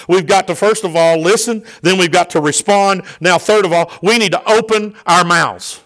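Male pastor, middle-aged, high ringing voice; fervent sermon delivery that swells to loud peaks. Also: moderate pace, poor audio. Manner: impassioned preaching with sudden loud peaks.

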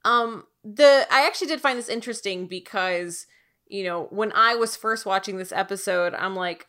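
Woman, podcast co-host, casual chat, chatty, slightly high-pitched. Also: moderate pace. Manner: chatty, animated storytelling with many fillers. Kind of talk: casual chat recapping a TV show.

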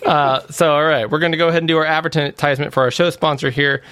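A man's voice: fairly high pitch, steady tone, fast talker, a bit bright. A man hosting a podcast over a remote call, casual and playful, teasing his co-host. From United States. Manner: playful, teasing, leads the segment. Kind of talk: casual chat.

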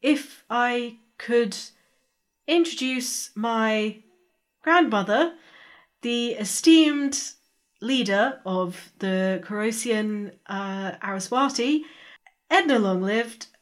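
A woman's voice: fairly high pitch, expressive, slow pace. A woman voicing a young, furry alien woman who speaks formally in a tabletop game.

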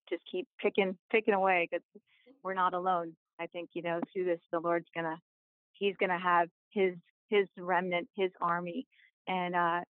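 A woman's voice: fairly low pitch, no room sound. Earnest woman guest over a tinny call line. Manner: earnest, devout. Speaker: podcast guest. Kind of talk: heartfelt conversation.

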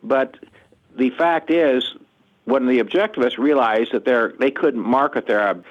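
An older man answering interview questions in an earnest, measured and reflective way. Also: medium pitch. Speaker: guest author. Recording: muffled lo-fi audio.

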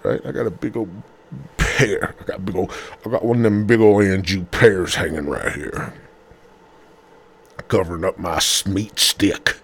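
Low-voiced man rambling crudely on a podcast. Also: moderate pace, long pauses, a bit bright, breathy edge. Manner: crude, profane, meandering, self-deprecating. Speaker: podcast host. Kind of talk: rambling solo podcast monologue. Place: home room with a humming heater. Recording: faint room hum behind.

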